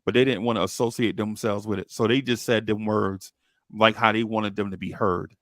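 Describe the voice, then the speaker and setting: A man's voice: on the low side, steady tone, a little fast, no echo, clean studio sound. A young man co-hosting a casual podcast chat, rambling and repeating words as he thinks. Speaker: podcast co-host.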